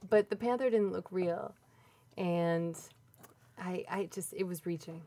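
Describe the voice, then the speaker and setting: A woman's voice: lowish voice, unhurried, warm tone, no room sound. A woman co-hosting a podcast, chatting casually with a wry, dry sense of humor. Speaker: podcast co-host. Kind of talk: casual panel chat.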